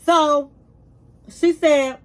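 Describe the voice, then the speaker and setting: A woman with a high voice tells a reality show's drama as a casual recap. She calls her audience honey and piles up emphatic repeats when she reacts. Her storytelling is animated. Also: extremely slow. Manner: chatty storytelling, acts out quotes, calls viewers honey.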